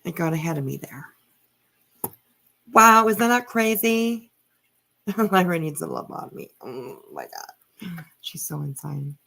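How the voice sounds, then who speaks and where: A woman's voice: lowish voice, sing-song, unhurried, creaky, pauses often, sharp tone. A woman hosting a commentary channel, reacting to clips in a scornful, mocking way with many fillers.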